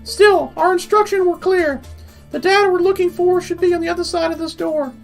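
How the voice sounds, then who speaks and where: A man voicing a sharp-tongued woman team leader in a high falsetto, reading a game's lines aloud. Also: fairly even intonation, brisk, creaky, soft background music. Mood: cool. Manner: falsetto, bossy and clipped.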